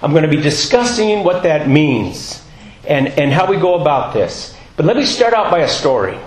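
A man's voice: on the high side, sing-song, normal speed, roomy sound, rough recording. A man giving a sermon, talking in a chatty, rambling way with lots of fillers. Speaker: guest preacher. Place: church.

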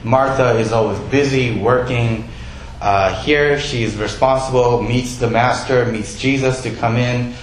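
A man's voice: mid-range voice, steady tone, unhurried, reverberant, a little hiss or hum, low-quality recording. A male pastor giving a sermon in a conversational way, asking his listeners questions.

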